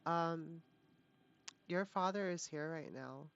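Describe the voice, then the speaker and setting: Low-pitched female tarot reader, halting and filler-heavy, on a dull lo-fi mic. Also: vocal fry. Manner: halting, full of fillers and restarts. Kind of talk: live tarot reading. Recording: dull lo-fi, dry sound.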